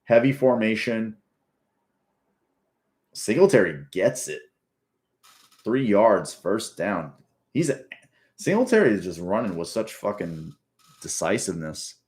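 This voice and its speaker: A man's voice: fairly low pitch, very animated, unhurried, long pauses, darkish tone. A man giving casual, rambling, profane commentary while rewatching a football game. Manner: rambling, profane, restarts often. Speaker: sports fan commentator.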